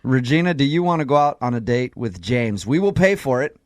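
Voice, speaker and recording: A man's voice: medium pitch, animated, fairly quick, no echo, clean studio sound. Joking morning radio host man. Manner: joking, teasing, laughs often.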